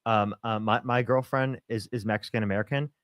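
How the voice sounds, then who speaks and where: A man's voice: fairly low pitch, steady tone, a little fast, fairly bright tone, clear, resonant tone, dry recording. A man hosting a live debate stream, pressing his guests with challenges. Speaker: debate host.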